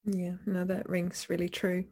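Lowish woman's voice, candid, owning up to her own stuff in a chat. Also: monotone, measured pace, a little mellow, husky. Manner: candid, self-reflective. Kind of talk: reflective conversation.

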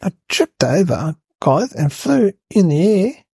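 A man voicing an excitable, rambling young schoolboy, telling a comedic story. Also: sits high, takes it slowly, gravelly, slightly rough, no echo, exaggerated voice. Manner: breathless rambling storyteller, lots of "like" and "guys".

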